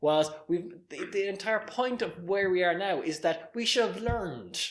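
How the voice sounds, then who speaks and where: A man's voice: high voice, lively intonation, normal speed. A man, co-hosting a podcast in casual chat, making his points emphatically with "all right?" and digressions. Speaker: podcast co-host.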